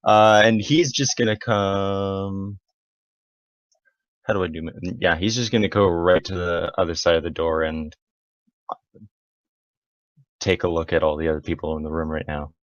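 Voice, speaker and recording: Low-voiced man, player at tabletop session, halting delivery; dry, dull sound. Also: fairly even intonation, no room sound. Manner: halting, with many fillers. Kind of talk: in-character description at a tabletop game.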